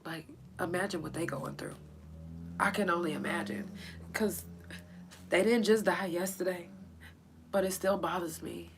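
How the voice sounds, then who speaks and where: A woman's voice: lowish voice, fairly even intonation, gravelly, soft background music. Tearful woman host remembering friends. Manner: tearful, halting, pausing to collect herself. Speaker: podcast host. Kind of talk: emotional solo podcast remembrance.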